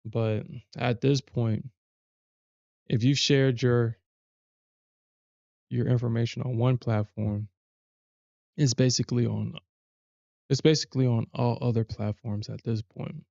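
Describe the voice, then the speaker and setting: Male livestream host, gravelly and dry, rambling with frequent restarts. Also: medium pitch, steady tone, unhurried, pauses often, dark tone, no echo, lo-fi sound. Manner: rambling, many restarts and self-corrections. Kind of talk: casual livestream chat.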